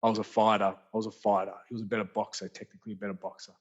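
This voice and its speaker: A man's voice: lowish voice, very fast. An Australian man telling a story as a podcast guest, casual and slangy, with lots of restarts. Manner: animated, rambling, slangy with frequent restarts. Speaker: guest, author and speaker. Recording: dull lo-fi podcast audio.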